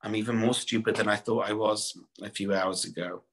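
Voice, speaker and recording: A man doing a stranded young man, low and muttering, fretful, bright edge to the voice, storytelling voice in a Torah class. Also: fairly even intonation, brisk, husky. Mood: self-reproaching. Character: stranded young man, anxious then despairing.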